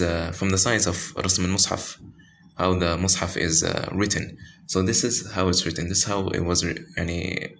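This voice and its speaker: Very low-voiced man teaching tajweed. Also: creaky, a bit bright, slight background noise. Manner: halting, many fillers and self-corrections. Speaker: Quran recitation teacher. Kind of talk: informal tajweed lesson with screen pointing.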